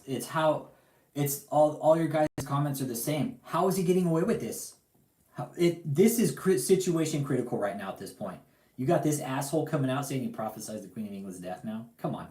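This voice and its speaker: A man's voice: mid-range voice, dark tone, echoey room. A man hosting a livestream, ranting angrily and profanely, repeating himself and calling out his target directly. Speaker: livestream host. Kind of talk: heated livestream rant.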